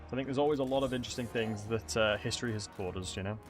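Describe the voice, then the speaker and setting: A man's voice: lowish voice, rapid-fire, over music. A man, streaming a strategy game and chatting to viewers in a rambling way, full of fillers and restarts. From England. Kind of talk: casual gameplay commentary.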